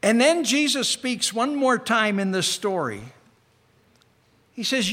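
Male preacher with a high voice, earnest sermon delivery that slows for emphasis and drops to near-whispers, long hall reverb. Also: very animated, bright, forceful tone.

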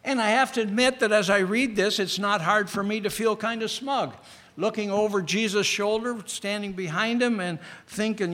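A man preaching a sermon in an earnest way. He slows down to stress key words and often sinks to a hush. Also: high voice. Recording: reverberant hall.

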